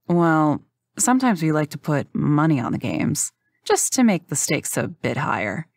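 A woman's voice: deep voice, sing-song, normal speed, vocal fry, a little mellow, no echo, clean studio sound, heavily acted. Woman voicing a smug college guy.

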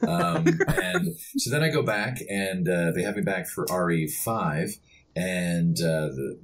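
Low-voiced male voice actor, podcast guest, relaxed storyteller with easy laughs. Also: slow pace, creaky, noisy background. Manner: laid-back, chuckling storyteller. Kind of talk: casual podcast interview.

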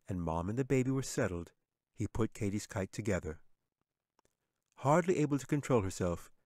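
A man with a fairly low voice reads his own fantasy story aloud as an audiobook. He keeps a measured, steady storytelling pace. The sound is dry and close, with no room echo. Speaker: author reading his own book. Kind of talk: audiobook narration.

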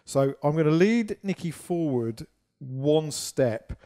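A man's voice: on the high side, expressive, slow, mellow. A man teaching a partner dance, explaining steps and counting beats in a chatty, self-deprecating way while losing his voice.

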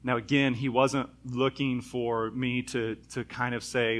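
A man's voice: medium pitch, little pitch movement, measured pace. A man in his thirties preaching a sermon in a church, reading scripture and telling stories from his childhood in a conversational, self-deprecating way. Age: 30s. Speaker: pastor. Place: church sanctuary.

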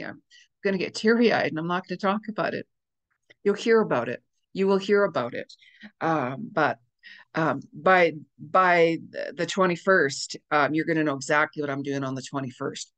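Low-voiced gushing psychic woman. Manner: gushing, repetitive, spiritual. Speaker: psychic medium. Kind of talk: casual astrology forecast talk.

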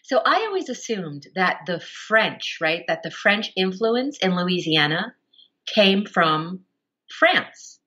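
Expressive woman audiobook narrator. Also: fairly low pitch, slow pace. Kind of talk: podcast interview answer.

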